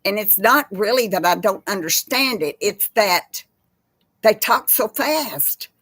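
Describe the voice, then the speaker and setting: A Texan woman, older, hosting a casual chat from her home kitchen in a slow folksy drawl. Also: medium pitch, lively intonation, a bit bright, husky, no room sound. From Texas. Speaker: host. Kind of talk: casual chat with live chat viewers.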